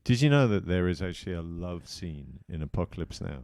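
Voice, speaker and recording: A man's voice: deep voice, lively intonation, a little fast, darkish tone, clean tone, no room sound, clean studio sound. A man co-hosting a casual podcast, rambling through long stories with frequent restarts. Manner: rambling, tangent-prone. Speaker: podcast co-host. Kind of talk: casual chat.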